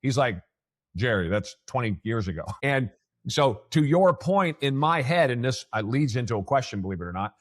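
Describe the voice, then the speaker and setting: A man's voice: mid-range voice, expressive, normal speed. A middle-aged American man hosting a podcast, talking in a rambling way with lots of restarts and asides. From United States. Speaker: podcast host. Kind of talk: conversational interview.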